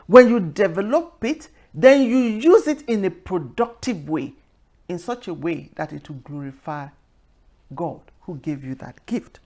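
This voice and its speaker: A woman hosts her own talk show in a mid-pitched voice. She tells a story by acting out both sides of a phone call. She then preaches and reads scripture slowly and emphatically. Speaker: host. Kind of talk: casual talk with a sermon-like close.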